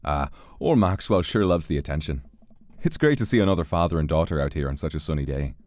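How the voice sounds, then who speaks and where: A man's voice: a bass voice, animated, quick pace, darkish tone, dry recording, voice pushed down. A man voicing a chatty middle-aged dad at a park with a put-on Irish accent, playful and stumbling over long words. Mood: friendly. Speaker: game character voice.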